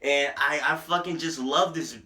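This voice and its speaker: A young man casually reviewing an album, animated and profane, joking and rapping lines along. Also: on the high side, moderate pace. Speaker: music reviewer. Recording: echoey room.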